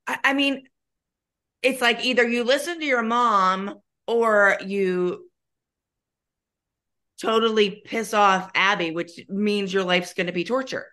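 A middle-aged woman with a bright, sharp-edged voice, chatting frankly on a podcast. She talks earnestly about what she has lived through as a parent. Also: mid-range voice, slow, long pauses. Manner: earnest, frank, speaks from her own experience. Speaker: podcast co-host, mother of former dancers. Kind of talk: casual chat.

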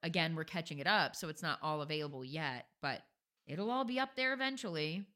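A woman's voice: low-pitched, animated, a little fast, bright, forceful tone. A woman co-hosting a podcast in casual chat, blunt and chatty, swearing casually. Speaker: podcast co-host.

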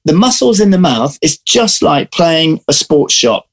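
A man, an actor, chatting in an interview, telling lively stories and restarting his sentences often. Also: on the high side, measured pace, breathy edge. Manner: animated storyteller, restarts often. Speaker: actor guest. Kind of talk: casual interview chat.

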